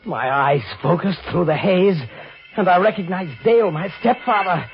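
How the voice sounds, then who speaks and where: A man's voice: high voice, normal speed. An actor playing a haunted young man who narrates his ordeal in a tense, emotional way, in a 1940s radio drama. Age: young adult. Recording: dull old radio recording with music.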